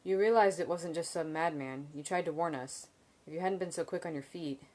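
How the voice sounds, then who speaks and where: A calm, measured innkeeper, middle-aged and steady, as a woman reads him aloud. He speaks quietly and seriously in a low voice, unhurried and plain. It sounds like a storybook read aloud. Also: lightly acted. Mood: earnest.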